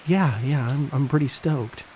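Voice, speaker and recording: A man's voice: lowish voice, fairly even intonation, normal speed, a little hiss or hum, lightly acted. A man voicing a nervous seven-year-old boy who stammers and hesitates.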